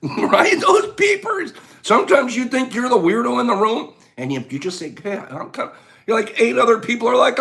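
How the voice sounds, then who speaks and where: A man hosting a casual live stream with a scratchy voice, greeting viewers, joking and breaking into laughter. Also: high voice. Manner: animated, bursts of laughter and loud exclamations.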